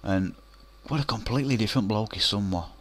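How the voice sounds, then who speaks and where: A man's voice: lowish voice, fast talker. Rambling man spinning a tale. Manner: rambling, colloquial, with many fillers. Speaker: storyteller. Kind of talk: comic anecdote.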